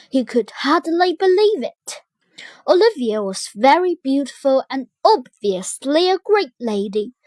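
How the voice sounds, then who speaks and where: A woman narrating a children's storybook in an expressive storytelling manner. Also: high voice, no room sound.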